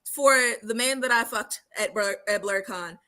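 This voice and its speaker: A woman's voice: medium pitch, moderate pace, pushed and bright. A woman co-hosting a casual podcast, talking boldly and emphatically with a joking edge. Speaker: podcast co-host. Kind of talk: casual chat.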